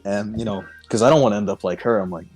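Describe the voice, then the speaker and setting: A man's voice: on the low side, quick pace, a little mellow, breathy edge, soft background music. A man co-hosting a podcast, telling a story in casual chat, swearing often and laughing through it. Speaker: podcast co-host.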